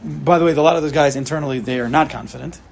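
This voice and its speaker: Man, teacher, informal lecture, emphatic, repeats phrases, raspy fry, somewhat high voice. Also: very fast, slight background noise. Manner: emphatic, repeats key phrases, mixes in Hebrew and Yiddish terms. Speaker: teacher giving a class. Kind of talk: informal lecture with questions to students.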